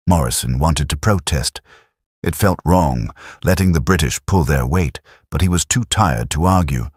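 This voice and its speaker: A man narrating a war story in a steady, measured, scripted style. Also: rumbling low, husky, no room sound, clean studio sound.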